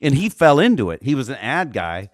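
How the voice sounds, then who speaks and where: A man co-hosting a podcast, chatting excitably and cursing as he tells stories. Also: mid-range voice, fairly quick. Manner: excitable, profane. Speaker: podcast co-host. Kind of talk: casual podcast chat.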